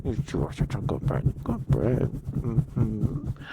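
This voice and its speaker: A man's voice: on the low side, huge pitch swings, slow pace, vocal fry, very noisy. Man cooing singsong baby talk. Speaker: ASMR streamer. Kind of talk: ASMR cooing.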